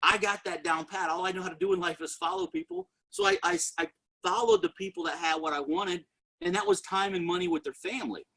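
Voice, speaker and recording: Animated gravelly man pitching. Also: fast, rough recording. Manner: energetic storytelling, talks straight to the audience. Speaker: network marketing presenter. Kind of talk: motivational sales testimony.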